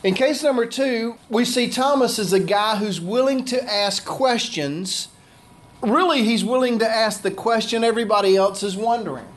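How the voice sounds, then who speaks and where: A man's voice: high-pitched, normal speed. A man preaching a conversational sermon, acting out the scripture voices he quotes. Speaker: pastor.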